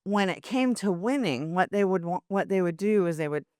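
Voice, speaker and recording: An older woman, a podcast guest, chatting casually and telling animated stories, acting out other people's voices and laughing often. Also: on the low side, normal speed, no room sound, studio quality. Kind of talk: casual interview talk.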